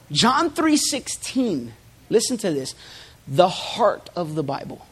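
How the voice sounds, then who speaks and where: Slow and sing-song, this man's husky voice sits high as he preaches to his congregation. The pastor's delivery is emphatic, building through forceful repeated phrases, with joking asides mixed in.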